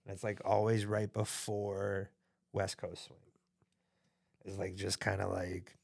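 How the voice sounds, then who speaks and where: A man's voice: sits low, level tone, slow pace, gravelly. A young man co-hosting a podcast, talking casually in a rambling, filler-heavy, teasing way. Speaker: podcast co-host.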